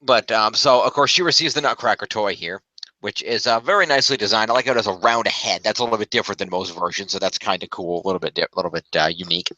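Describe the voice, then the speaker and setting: A man's voice: fairly low pitch, quick pace, pushed and bright, dry recording, muffled recording. A man chatting casually as a film reviewer, rambling and correcting himself as he goes. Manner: rambling, self-correcting, upbeat.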